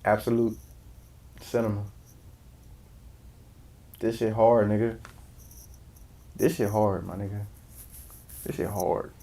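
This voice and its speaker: Profane, animated male streamer. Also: lowish voice, takes it slowly, vocal fry, long pauses. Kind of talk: casual reaction chat.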